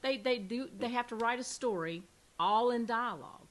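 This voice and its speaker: A woman's voice: fairly high pitch, normal speed, a crowd in the background. A woman from the American South with a Southern accent, hosting a casual interview and chatting with restarts and fillers. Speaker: podcast host and mystery author.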